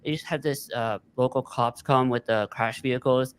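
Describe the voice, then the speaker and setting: Male guest from California, plain mid-range voice, earnest and halting. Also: mid-range voice, fairly even intonation, smooth. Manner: candid, hesitant, with uh's and restarts. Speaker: podcast guest. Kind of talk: casual chat.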